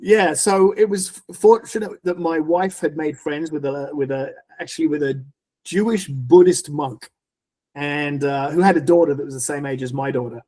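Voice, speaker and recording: A middle-aged man with a somewhat raised pitch tells his personal story of faith as a podcast guest. He speaks earnestly and haltingly, often restarting his sentences as he searches for words. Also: mellow. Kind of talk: personal faith testimony in an interview.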